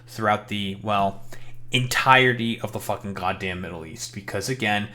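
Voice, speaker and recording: Streamer type, young man, lowish voice, heated profane rant, casual commentary. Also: moderate pace, sharp tone. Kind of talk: reacting to a press conference, casual rant.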